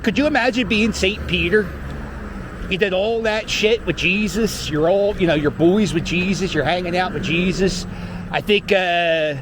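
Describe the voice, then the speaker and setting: A middle-aged man talks in a casual, rambling way, cracking jokes and cursing now and then. His voice sits a little high for a man. Faint outdoor traffic noise runs underneath. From Philadelphia. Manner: rambling, joking, profane. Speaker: vlogger riding a scooter. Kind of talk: casual chat while riding. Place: outdoors on city streets.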